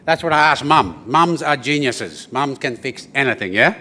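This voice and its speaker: A man's voice: medium pitch, moderate pace, few pauses, bright, forceful tone. An Australian man, an artist, tells funny stories and demonstrates an instrument at a corporate briefing, often ending his lines with "yeah?". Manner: joking, chatty, often ends with "yeah?" and "eh?". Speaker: artist giving a talk and didgeridoo demonstration. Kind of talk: humorous storytelling presentation. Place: corporate event space at a briefing.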